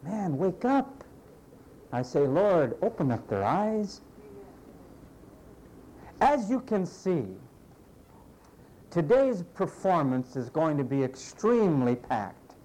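A man preaching a sermon in a conversational, animated way, acting out the voices of the people he quotes. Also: fairly high pitch, takes it slowly, pauses often, slight background noise, rough recording. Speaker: pastor.

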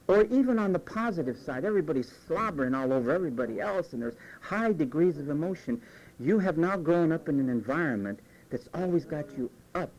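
A man's voice: a little high, a little hiss or hum, low-quality recording. A man preaching a conversational sermon as pastor, acting out quoted voices along the way. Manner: animated, acts out quoted voices.

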